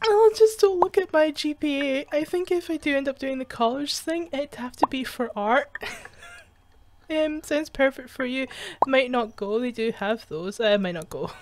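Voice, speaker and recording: A young woman giving casual gaming commentary as she reads chat messages aloud, swearing and laughing often, with a sarcastic edge. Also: on the high side. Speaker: gaming streamer.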